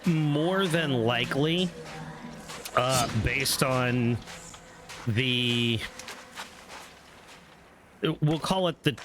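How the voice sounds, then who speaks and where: A man streaming a horror game, chatting casually and relaxed, with some swearing. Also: mid-range voice. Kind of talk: casual gameplay commentary. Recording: game music underneath.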